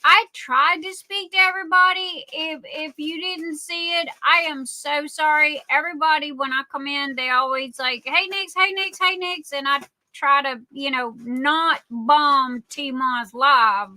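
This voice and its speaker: A high-pitched woman with a Southern accent, talking slowly and brightly as she hosts a livestream. She rambles in a chatty way and calls her viewers darling. The sound is dry and close, with no room around it. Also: steady tone, no echo. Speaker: livestream host. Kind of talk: casual livestream chat.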